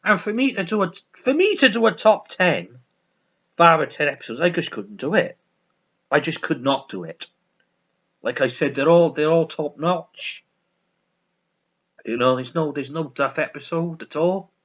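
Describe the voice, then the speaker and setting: A man's voice: a little high, lively intonation, normal speed, pauses often, fairly bright tone, dull audio. A man hosting his own video, chatting casually and enthusiastically about a favourite comedy, repeating himself and swearing freely. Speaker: video host.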